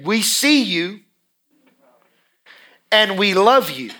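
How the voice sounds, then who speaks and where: A man's voice: sits high, normal speed, pushed and bright. A male pastor preaching a sermon in a church, emphatic and repeating his phrases for effect.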